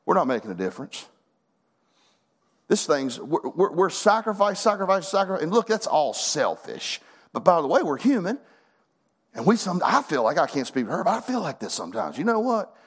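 A man's voice: a little high, huge pitch swings, normal speed, long pauses, slightly rough. A middle-aged man preaching a sermon as pastor, folksy and fervent, building to emphatic bursts.

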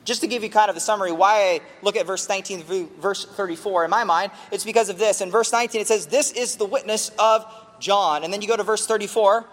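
High-voiced preacher in a big hall. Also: male voice, steady tone, fast, few pauses. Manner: earnest teaching, emphatic on key words. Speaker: pastor. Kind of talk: expository sermon.

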